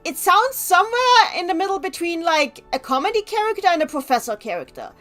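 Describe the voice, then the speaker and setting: Chatty high-voiced woman streamer. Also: very animated, brisk, a bit bright, faint music behind. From Germany. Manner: chatty, reads chat aloud, rambling asides. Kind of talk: gameplay livestream commentary.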